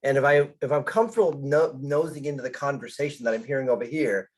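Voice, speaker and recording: Husky-voiced man asking a hesitant question. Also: mid-range voice, quick pace. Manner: hesitant, repeats words as he starts. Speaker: workshop attendee.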